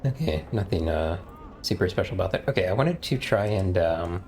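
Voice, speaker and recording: A man's voice: deep voice, animated, a little fast, darkish tone, slight background noise. A man streaming a role-playing game, chatting casually with lots of hesitations and reading the game text aloud. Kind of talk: casual let's-play commentary. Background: game music.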